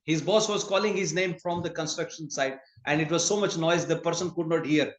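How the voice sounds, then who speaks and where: A man gives a temple sermon in a high, light voice. He talks conversationally and laughs often, telling everyday stories along the way. The sound rings with the echo of a large temple hall. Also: fairly quick. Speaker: speaker giving a scripture class.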